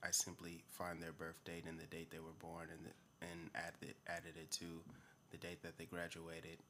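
Brief: man voicing a flat, low, smug young hacker, dead monotone, bright edge. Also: moderate pace, a little hiss or hum. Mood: smug deadpan.

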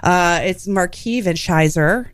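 A woman's voice: on the low side, takes it slowly, clean tone, no room sound. A woman hosting a comedy radio show from a studio, chatting casually in a rambling, joking way. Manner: rambling, joking, many fillers.

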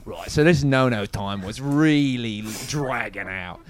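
A man playing a flustered neighbour who talks in a put-on British accent in an improvised comedy podcast, laughing and animated. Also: mid-range voice, slow pace, a little hiss or hum.

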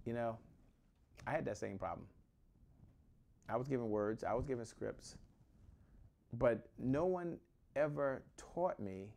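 A man from Washington, D.C. in his forties, hosting a motivational sales talk with an energetic, repetitive delivery. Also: on the low side. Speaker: host, sales coach.

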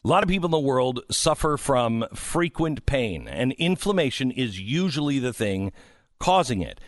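A man's voice: mid-range voice, very animated, normal speed, dry recording, clean studio sound. A middle-aged man hosting a radio talk show, joking, reading ads and mimicking other people's voices. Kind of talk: casual radio talk and live ad reads. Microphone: studio microphone.

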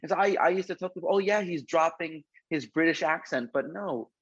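A woman's voice: deep voice, a little fast, husky, dry recording. A woman hosting an interview in casual chat, talking eagerly with frequent restarts. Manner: chatty, stumbling restarts. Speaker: podcast host. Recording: dull lo-fi sound.

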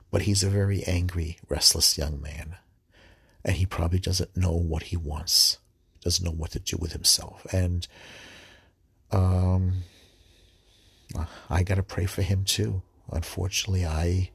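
A man, giving a halting, earnest devotional reflection and reading scripture aloud, often repeating and restarting words. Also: no echo. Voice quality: very deep, gravelly, husky voice. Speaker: preacher.

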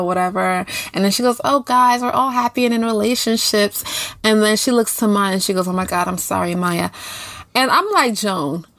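A woman co-hosting a casual chat show, recapping a TV episode in a blunt, profane, lively way. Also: a little high, no echo. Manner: blunt, profane, animated storytelling. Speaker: podcast co-host.

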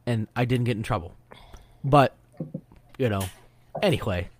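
A man's voice: mid-range voice, moderate pace, slight background noise. A man hosting a casual podcast who tells long, rambling, profane stories to his old shipmates. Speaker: podcast host. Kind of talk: casual chat among Coast Guard buddies.

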